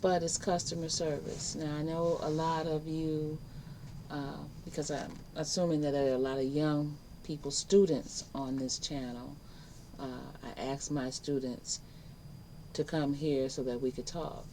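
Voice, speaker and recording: A woman's voice: deep voice, fairly even intonation, unhurried, warm tone, slight background noise, poor audio. A woman teaching a casual online life skills class, chatty and emphatic, acting out little exchanges. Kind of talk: casual spoken lesson to camera.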